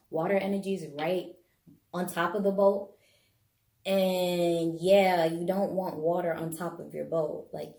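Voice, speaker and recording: A woman talks to viewers through a casual tarot and bone-throwing reading. Her voice sits on the low side and she is chatty and animated, laughing often. The sound is echoey, as if picked up by a camera mic in a bare room.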